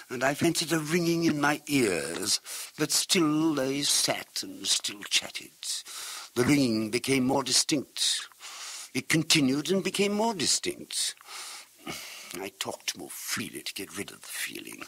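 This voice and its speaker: A man giving a dramatic literary reading with crisp, precise diction, swinging between hushed murmurs and loud declaiming. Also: mid-range voice. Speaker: reader of classic verse and tales.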